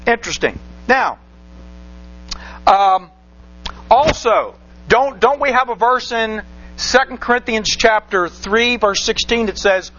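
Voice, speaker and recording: Male preacher, very high voice, rhetorical and repetitive; dull lo-fi sermon recording. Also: lively intonation, takes it slowly, pauses often, bright, forceful tone. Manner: rhetorical questions, repeats phrases for emphasis. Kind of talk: sermon with scripture reading.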